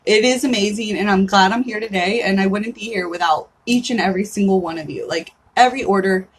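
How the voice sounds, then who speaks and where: A woman's voice: medium pitch, fairly quick, breathy edge. A woman in her thirties hosting a casual livestream, chatty and candid, often saying "like" and swearing in passing. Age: 30s. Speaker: livestream host.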